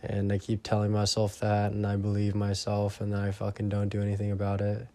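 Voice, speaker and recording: A man's voice: lowish voice, completely flat delivery, brisk, a little mellow. A young man vlogging in a rambling, profane casual monologue that often trails off into mumbles.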